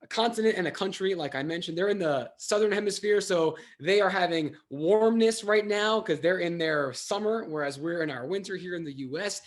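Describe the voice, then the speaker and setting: A man's voice: high voice, a little fast, hardly any pauses. A man hosting an online trivia game, upbeat and playful, cracking self-mocking jokes between questions.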